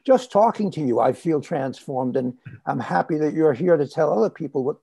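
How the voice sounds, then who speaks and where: Male interview host, gravelly and husky, gentle reflective delivery. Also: on the high side, lively intonation, normal speed. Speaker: podcast host. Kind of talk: casual interview.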